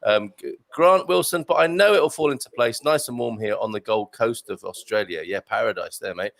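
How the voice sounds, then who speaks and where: A man's voice: medium pitch, fairly quick, creaky, a bit bright, no room sound. A male host of a live chat show, jokey and chatty, reading out viewer messages between guests.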